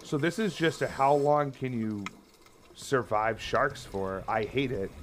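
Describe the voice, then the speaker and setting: A man streaming a horror game, commentating live and often yelling and swearing in panic. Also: medium pitch, measured pace, slight background noise.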